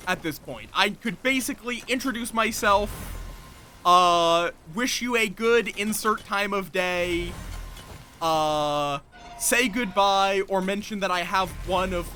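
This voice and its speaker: Male streamer, rambling gameplay chatter, high and very bright voice that swings widely. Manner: rambling, talks to himself and chat. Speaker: live streamer. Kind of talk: casual gameplay chat.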